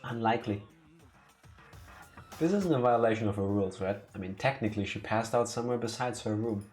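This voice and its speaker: A man's voice: fairly quick, darkish tone, faint music behind. Man co-hosting a game let's play. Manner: voices game characters, reaching for higher pitches. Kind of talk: casual let's play chat, reading game dialogue aloud.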